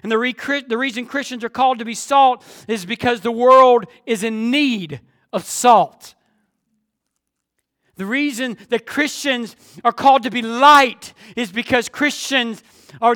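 High-voiced male preacher, emphatic. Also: pushed and bright. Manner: preaching with emphatic repetition and drawn-out phrases. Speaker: pastor. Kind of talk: sermon.

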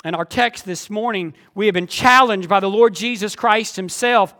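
A man's voice: high voice, moderate pace, bright, forceful tone. A man preaching a Sunday sermon, repeating key phrases for emphasis and drawing out his words. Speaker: pastor.

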